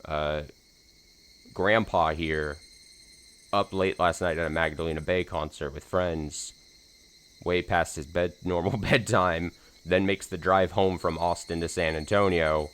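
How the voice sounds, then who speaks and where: A slightly hoarse man hosting a let's play stream, chatting casually before reading a visual novel. He rambles in a self-deprecating way with plenty of fillers. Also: deep voice, steady tone, moderate pace, fairly bright tone.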